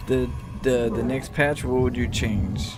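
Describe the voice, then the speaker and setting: A man's voice: mid-range voice, a little slow. A man chatting playfully and laughing easily with a friend while they play a video game. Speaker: gamer co-hosting a game session. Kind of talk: casual chat while playing a video game. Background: game music and sounds.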